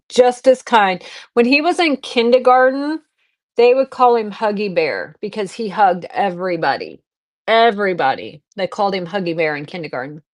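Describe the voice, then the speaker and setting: A middle-aged woman hosting a live selling stream, chatting casually with viewers and rambling through personal anecdotes. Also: mid-range voice. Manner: rambling anecdotes, restarts and fillers, talks to viewers. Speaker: live-stream seller host.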